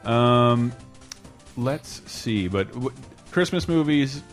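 Male podcast host, lively pitch, crude humor, frequent laughs. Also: slow, faint music behind. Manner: animated, crude joking, laughs often. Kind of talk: casual chat.

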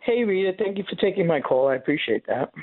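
A man's voice: high voice, lively intonation, no room sound. Emotional male caller on a phone line. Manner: impassioned, halting with many restarts. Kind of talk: call-in radio caller.

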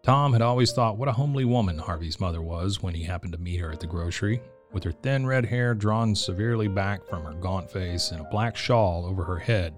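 Low-voiced man reading a storybook. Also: brisk, soft background music. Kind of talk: storybook narration.

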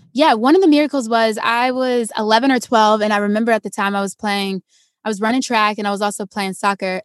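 Animated woman telling a story, dry sound. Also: no room sound. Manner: animated, acts out quoted voices with big pitch jumps. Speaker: actress and stuntwoman guest. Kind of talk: casual interview storytelling.

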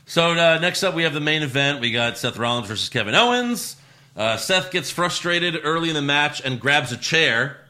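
Bright-voiced man casually recapping. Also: on the high side, expressive, moderate pace. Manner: loose, laughing, jokey recapping with put-on voices. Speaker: podcast co-host recapping wrestling. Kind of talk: casual chat.

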